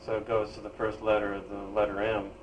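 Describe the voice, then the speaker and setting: A man demonstrating his own screen reader program, explaining it in a halting way with pauses and fillers. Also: on the low side, completely flat delivery, dull audio, slight background noise. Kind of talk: casual software demonstration.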